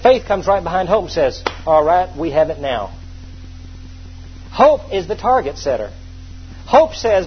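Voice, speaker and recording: A man in his thirties preaching with a high voice, telling stories emphatically and driving phrases home by repetition. The recording is dull and lo-fi, with a faint hum underneath. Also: big pitch swings, a little slow, pauses often. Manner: emphatic, storytelling, repeats phrases. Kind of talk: sermon.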